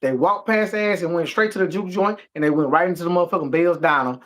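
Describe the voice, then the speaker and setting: Man, slightly higher voice, emphatic, profane, heated casual discussion. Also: fast. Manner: emphatic, profane, animated ranting. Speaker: podcast co-host.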